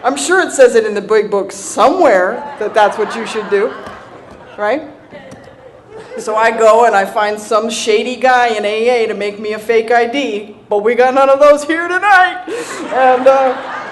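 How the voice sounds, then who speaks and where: A woman giving a humorous recovery talk to an audience, animated and self-mocking, laughing often and checking in with "right?". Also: on the high side, unhurried, some chatter behind, a little hiss or hum. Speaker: speaker sharing a recovery story.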